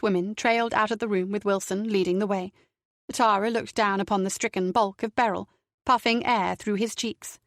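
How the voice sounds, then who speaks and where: A woman narrating a crime novel audiobook in a steady, measured reading. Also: mid-range voice, no room sound, studio quality.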